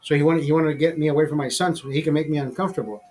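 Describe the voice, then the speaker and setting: A man hosting his own vlog, telling a story in a heated, profane, animated way. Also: on the high side, rapid-fire. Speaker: show host.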